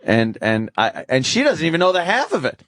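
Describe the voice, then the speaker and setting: A man's voice: fairly high pitch, huge pitch swings, brisk, fairly bright tone, no echo, studio quality. A middle-aged man hosting a radio talk show, joking and enthusiastic as he rambles through questions. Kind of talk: casual radio interview chat.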